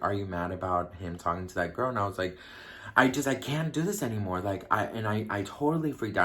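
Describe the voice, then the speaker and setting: A man telling a personal story in a casual, animated way, acting out the voices of the people in it. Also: on the low side. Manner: animated, chatty, acts out quoted voices.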